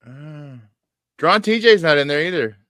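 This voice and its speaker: A man's voice: on the high side, expressive, measured pace, a bit bright, clean tone, no room sound, clean studio sound. A man hosting a casual gaming podcast, talking in a playful, joking way. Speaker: podcast host. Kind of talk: casual chat.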